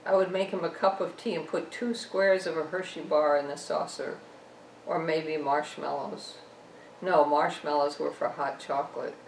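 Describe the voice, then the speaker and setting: A woman author reading her own novel aloud, telling a first-person story at a measured pace. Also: low-pitched, steady tone, vocal fry, slight background noise. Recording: echoey room, distant mic.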